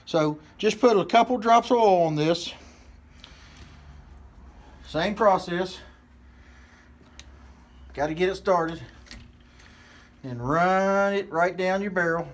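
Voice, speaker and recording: A man with a West Virginia accent talks through a hands-on demonstration in a folksy, rambling way, full of fillers. His voice sits high, and he takes his time with every step. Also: takes it slowly, long pauses. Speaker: hunting channel host. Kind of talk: casual how-to demonstration.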